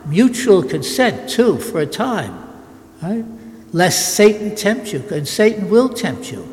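A man's voice: sits high, big pitch swings, a little slow, a little mellow. Older male priest preaching in a reverberant church. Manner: emphatic, repetitive preaching with frequent restarts. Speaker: Catholic priest. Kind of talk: sermon.

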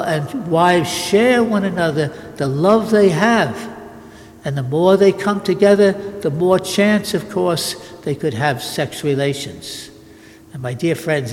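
A man's voice: high voice, a little mellow, big-room sound. An older man, a Catholic priest, giving an emphatic sermon with repeated phrases and frequent restarts.

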